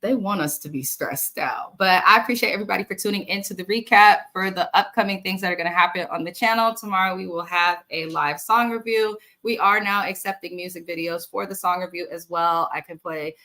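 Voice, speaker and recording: Woman host, lowish voice, chatty live reality-TV recap, blunt and profane. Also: brisk, few pauses, bright, forceful tone. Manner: chatty, talks straight to viewers. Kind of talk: casual live episode recap.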